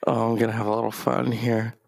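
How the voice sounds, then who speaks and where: A man's voice: medium pitch, monotone, quick pace, creaky, no echo. A man hosting a show, ranting in a crude, rambling, self-mocking comic way. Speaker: show host. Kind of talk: comedic rant.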